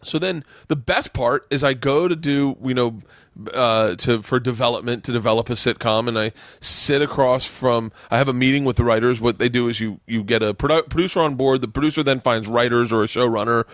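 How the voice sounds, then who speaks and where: A man hosting a casual podcast, telling stories with swagger and a lot of cursing. His voice is mid-pitched and recorded dry and close, with no room sound. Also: brisk, dry recording. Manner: animated, acts out quoted voices, swears often. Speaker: podcast host. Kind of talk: casual chat, storytelling. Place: home studio.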